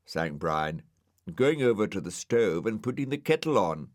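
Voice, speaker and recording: A man narrating a children's storybook audiobook in an expressive, unhurried way. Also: on the low side, no echo, studio quality.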